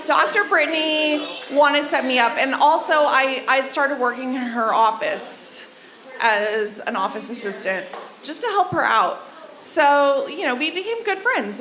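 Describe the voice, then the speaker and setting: A woman's voice: high voice, a little slow, fairly bright tone. A young woman performing a stand-up comedy set in a club, telling a dating story in a chatty, conversational way and talking with the crowd. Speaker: stand-up comic. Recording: echoey club room with faint noise.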